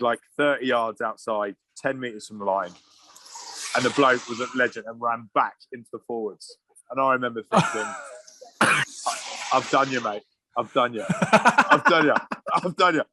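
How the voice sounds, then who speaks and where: A man's voice: mid-range voice, pushed and bright. A man in his thirties, a former rugby player, telling self-deprecating stories as a podcast guest over a video call, with frequent laughs. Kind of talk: casual anecdote on a podcast.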